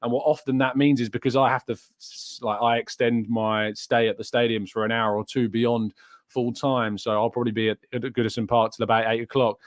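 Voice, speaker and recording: A man's voice: mid-range voice, flat delivery, fairly quick, no room sound, studio quality. A man from England hosting a live stream, chatting casually and answering viewer questions with plenty of fillers and restarts. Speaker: podcast host.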